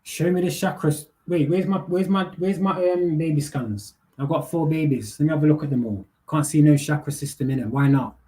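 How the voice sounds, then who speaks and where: A man's voice: on the high side, a little fast, few pauses, warm tone. A young man, hosting a live panel and ranting bluntly with heavy swearing, street slang and repeated words. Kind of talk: casual rant.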